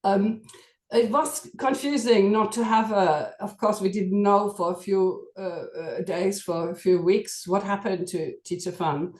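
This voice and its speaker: A woman's voice: mid-range voice, darkish tone. Emotional woman on an echoey video call. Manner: halting, emotional, many fillers. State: voice shaky with emotion. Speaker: qigong student at a memorial meeting. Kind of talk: emotional tribute.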